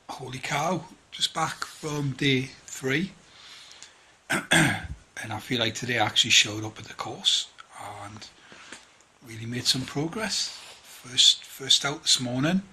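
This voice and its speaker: A tired man in his forties talks in a chatty, rambling way. His voice is husky and strikingly bright, and he keeps quoting what others said to him. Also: mid-range voice, expressive, takes it slowly, pauses often. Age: 40s. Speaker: vlogger. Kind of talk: casual spoken diary.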